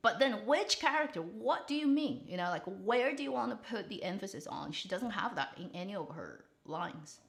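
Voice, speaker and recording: Blunt, animated woman drama reviewer. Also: mid-range voice, normal speed, creaky, hardly any pauses. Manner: opinionated, blunt, animated critique. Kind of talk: casual commentary livestream.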